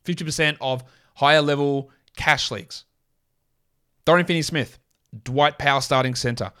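A man with an Australian accent hosting a solo fantasy basketball podcast, rattling off player lists and quickly correcting himself. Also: on the high side, pushed and bright, clean tone. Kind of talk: casual solo podcast talk.

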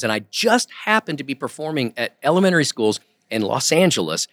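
A man's voice: medium pitch, fairly quick, few pauses, dry recording, studio quality. A man telling stories as a guest on an interview podcast, acting out the voices of the people he quotes. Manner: animated storyteller, acts out quoted voices. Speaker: guest, ventriloquist and impressionist. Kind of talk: casual interview storytelling. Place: podcast studio.

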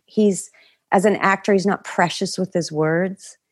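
Middle-aged woman guest, lowish voice, dry close mic, lively anecdotes with quoted voices. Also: a little slow, no echo. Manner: animated storyteller, acts out quotes. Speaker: guest, writer and actor. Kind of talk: casual podcast chat, storytelling.

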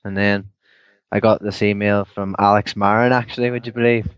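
A softly spoken young man with a Northern Irish accent, chatting casually as an interview guest and laughing easily. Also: on the low side, flat delivery, brisk, smooth, no echo. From Northern Ireland. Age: young adult. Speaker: guest, downhill mountain bike racer. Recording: dull lo-fi remote line.

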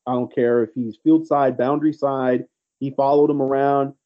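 A man's voice: medium pitch, flat delivery, moderate pace, lo-fi sound. A man co-hosting a casual sports podcast, telling recruiting stories in a rambling, teasing way. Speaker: podcast co-host, recruiting analyst.

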